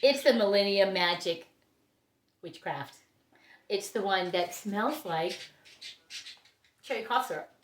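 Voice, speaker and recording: An orchid grower and vlogger from Ohio chats casually while unboxing plants, gushing, laughing often and gasping with delight. Her medium-pitched voice is expressive and slow, with frequent pauses and a reverberant sound.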